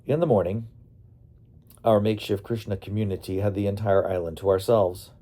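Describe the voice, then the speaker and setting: Steady and unhurried, a male narrator recounts his memoir in a straightforward storytelling style. His voice is low, gentle, and mellow.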